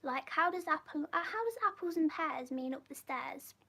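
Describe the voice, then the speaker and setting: A British woman hosting a live stream, chatting in a soft, often whispered voice and rambling warmly between viewer comments. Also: high voice, animated, moderate pace, creaky. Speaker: livestream host reading viewer comments.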